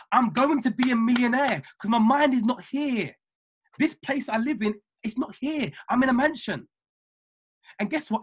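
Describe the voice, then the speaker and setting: Husky emphatic man. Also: high-pitched. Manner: emphatic, repetitive, builds from calm to fiery. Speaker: trading mentor. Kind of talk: motivational talk on a video call. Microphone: video call.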